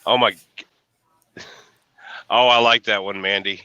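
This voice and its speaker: An American man chatting casually online, telling rambling stories with animated retellings. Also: fairly low pitch, takes it slowly, clear, resonant tone, no room sound. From United States. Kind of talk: casual chat.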